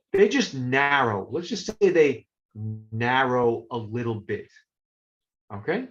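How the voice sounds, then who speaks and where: A man teaching a live online lecture as a professor, playful and animated, talking to the chat. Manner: animated, playful, talks to chat, swings pitch. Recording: dull lo-fi stream audio.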